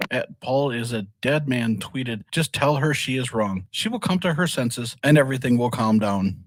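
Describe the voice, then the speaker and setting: A man hosts a comedy podcast segment, reading tweets one after another in a middle-pitched voice. He keeps it light and laughs between the lines. The sound is dry and close. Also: expressive, unhurried, no echo. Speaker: segment host.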